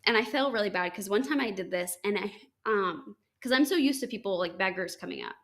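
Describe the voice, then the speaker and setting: A woman's voice: medium pitch, expressive, fairly quick, a bit bright. A young woman hosting a podcast, telling a story in casual chat, full of "like" and acted-out dialogue. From United States. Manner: chatty, full of "like", acts out quoted dialogue. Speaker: podcast host.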